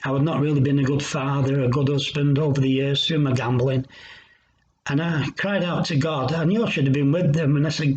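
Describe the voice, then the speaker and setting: Guy telling his testimony, slow and earnest, kinda muffled lo-fi sound. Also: mid-range voice, fairly even intonation, darkish tone. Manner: earnest, reflective storytelling with pauses. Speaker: Christian recovery speaker. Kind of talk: personal testimony. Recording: dull lo-fi sound.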